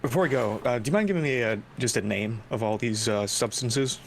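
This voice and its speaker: A man's voice: medium pitch, fairly quick, creaky, a crowd in the background. A man playing in a tabletop game, blunt and laid-back, swearing casually. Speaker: player. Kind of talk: casual in-character table talk.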